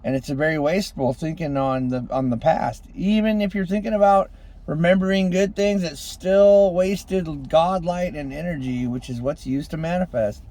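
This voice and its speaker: A man giving an impassioned motivational monologue, swinging between loud exhortation and hushed intensity, calling on the listeners as ladies and gentlemen. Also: fairly high pitch, moderate pace. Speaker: street preacher-style motivational speaker.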